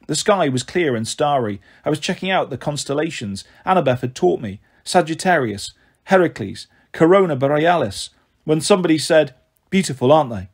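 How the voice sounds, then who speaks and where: A man reading a first-person storybook aloud. His delivery is animated and his pitch swings widely. His voice has a slightly husky grain. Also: moderate pace. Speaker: audiobook reader.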